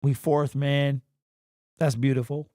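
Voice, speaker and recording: A man's voice: medium pitch, fairly even intonation, takes it slowly, dark tone, no room sound, clean studio sound. A young man hosting a casual livestream, rambling and slangy, emotional and sniffly. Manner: rambling, repeats and restarts, slangy. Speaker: livestream host.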